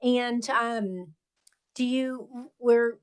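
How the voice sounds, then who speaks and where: Higher-voiced woman chairing a hearing. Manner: brisk, procedural. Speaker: committee chair. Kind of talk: running a hearing.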